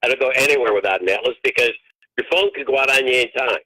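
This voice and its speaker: Over a tinny phone line, an older touring comedian appearing as a guest rants through profane road stories in casual storytelling. His medium-pitched voice is rapid-fire, bright and forceful, slightly rough.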